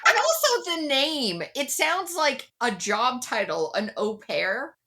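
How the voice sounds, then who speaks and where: Woman, high lively voice, bright, quick reactions. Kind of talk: casual chat.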